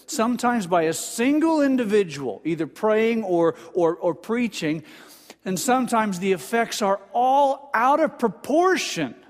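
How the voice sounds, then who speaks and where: A man's voice: high-pitched, long reverb tail. An older man preaching a sermon as pastor, earnest, often stumbling and repeating words as he builds emphasis, on a pulpit microphone.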